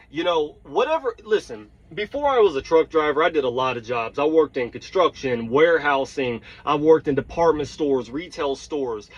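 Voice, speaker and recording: A tired truck driver rants through a heated, blunt story in a storytelling vlog, swearing and checking in with his listeners as he vents. His voice is on the high side, and the sound is lo-fi.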